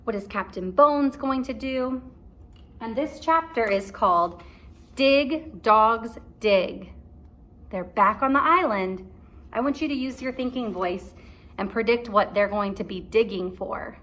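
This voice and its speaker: A woman teacher reading a chapter book aloud to kindergarten children, pausing to ask encouraging questions. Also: fairly high pitch, a bit bright. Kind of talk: read-aloud for young children.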